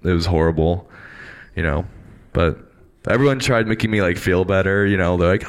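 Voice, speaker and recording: A man casually telling a self-mocking story on a panel, laughing often and getting animated. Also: low voice, moderate pace. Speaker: DJ on a convention panel.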